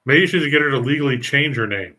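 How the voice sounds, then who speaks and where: A man's voice: mid-range voice, fast, bright, forceful tone. Wisecracking male radio co-host. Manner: wisecracking, teasing. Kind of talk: casual sports talk banter.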